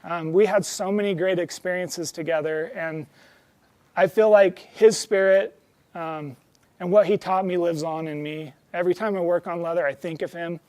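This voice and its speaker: A man's voice: high voice, steady tone, normal speed, a little mellow. A young man telling personal stories as a guest speaker, earnest and heartfelt, with many ums and restarts. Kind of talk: storytelling talk to an audience.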